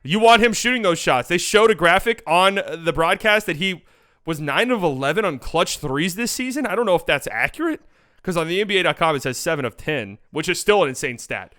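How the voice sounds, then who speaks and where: A man hosting a sports channel, talking through game footage in a casual, excitable way, swearing and joking freely. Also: high voice, brisk. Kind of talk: casual game-film breakdown commentary.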